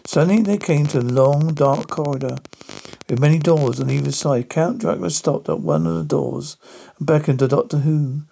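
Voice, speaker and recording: A man reading a spooky story aloud in a halting manner, stumbling over words. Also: medium pitch, lively intonation, vocal fry, dark tone. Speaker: narrator.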